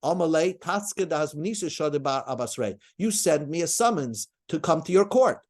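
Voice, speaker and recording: A man's voice: a little high, animated, moderate pace. A man giving a Talmud lecture, reading each line of the passage and then explaining it in plain words, often stopping to restart. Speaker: Talmud teacher. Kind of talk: Talmud lecture, translating as he reads.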